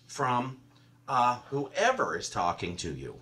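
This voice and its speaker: Male minister, conversational sermon, lively pitch, bright tone, heard from a distance in a church. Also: measured pace. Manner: animated storytelling, laughs often. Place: church sanctuary.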